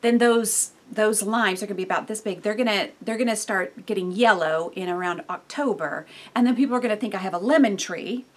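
A woman living in California gives a casual devotional Bible talk, animated and laughing often, with sudden bursts of loudness. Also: medium pitch, brisk, few pauses. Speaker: Bible teacher.

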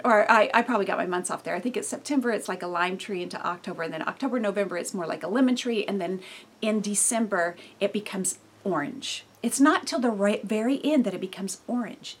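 A woman living in California gives a casual devotional Bible talk, animated and laughing often, with sudden bursts of loudness. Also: mid-range voice. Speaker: Bible teacher.

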